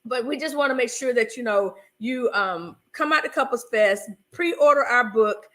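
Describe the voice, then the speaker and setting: This is a woman with a Southern US accent, from North Carolina, co-hosting a marriage talk stream. She is chatty and laughs easily, her voice sitting high, and she keeps calling the audience y'all. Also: moderate pace, a bit bright. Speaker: co-host of a marriage talk show. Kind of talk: casual livestream chat.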